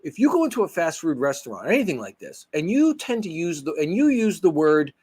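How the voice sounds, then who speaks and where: A man's voice: on the high side, a little fast, breathy edge. A man co-hosting a casual podcast, telling stories animatedly and swearing freely. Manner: animated storyteller, acts out dialogue, swears freely. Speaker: podcast co-host.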